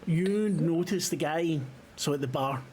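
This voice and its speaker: A Scottish game master narrates a scene, pausing often and filling gaps with ums. His voice sits a little high, and a faint background hum is present. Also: darkish tone. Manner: halting, full of fillers, swears.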